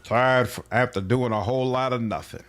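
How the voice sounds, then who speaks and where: A man's voice: mid-range voice, fairly quick, a bit bright. A man streaming a role-playing game, chatting casually in a laid-back way and reading game text aloud. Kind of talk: casual gaming commentary. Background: faint game music.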